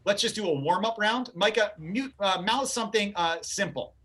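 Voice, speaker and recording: Upbeat male host, high bright voice, chatty and joking on a video call. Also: animated, normal speed. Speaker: game show host. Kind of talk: livestream game show hosting.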